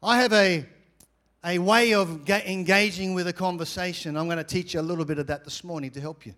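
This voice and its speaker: A man preaching a sermon as pastor, energetic, with repeated phrases and swings between loud and quiet. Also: high-pitched, a little fast.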